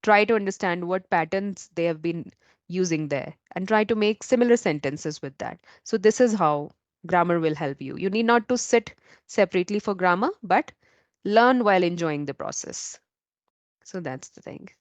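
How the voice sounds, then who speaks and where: A woman's voice: lowish voice, normal speed, no room sound. A woman English trainer with an Indian accent, explaining patiently and often asking "right?". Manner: explanatory, frequent "right?" tag questions. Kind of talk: interview answers, teaching.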